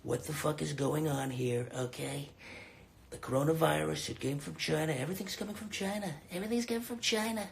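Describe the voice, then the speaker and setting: A man doing a gravelly, blustering old politician. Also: fairly high pitch, fairly quick, pitched below the performer's own voice. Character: blustering male politician impression, older man.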